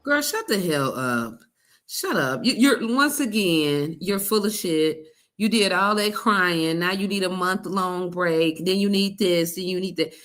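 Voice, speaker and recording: A woman's voice: on the low side, unhurried, fairly bright tone. A woman hosting a livestream, mocking and sarcastically calling out a woman in a clip. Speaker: livestream host. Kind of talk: reaction commentary.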